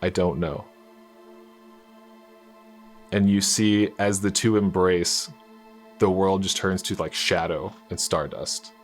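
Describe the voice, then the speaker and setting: A man narrating a tabletop game as game master, in a calm, descriptive storytelling manner. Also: sits low, a little slow, faint music behind.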